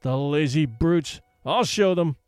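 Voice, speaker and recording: A man's voice: high voice, sing-song, normal speed, darkish tone, no room sound, soft background music. A man voicing an arrogant, short-tempered young man who speaks curtly and with a sneer. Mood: angry. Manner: curt and sneering.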